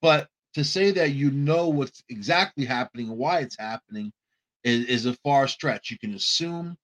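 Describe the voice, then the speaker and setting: A man holds forth on a paranormal show in a casual, wandering monologue. He jokes along the way and keeps backing up to restart his sentences. His voice sits at an ordinary middle pitch. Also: normal speed, a bit bright. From Long Island, New York. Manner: loose, joking, self-interrupting with repeated restarts.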